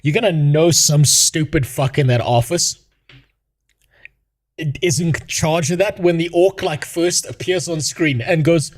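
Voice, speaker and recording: A man's voice: on the high side, measured pace. A man ranting casually as a gaming streamer, swearing, mocking and laughing often. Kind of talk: casual commentary rant.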